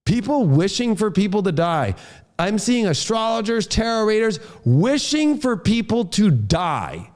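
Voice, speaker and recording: A man's voice: high voice, very animated, unhurried. A man who is a father, an astrologer giving a forecast as a heated, profane rant. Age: adult, a father.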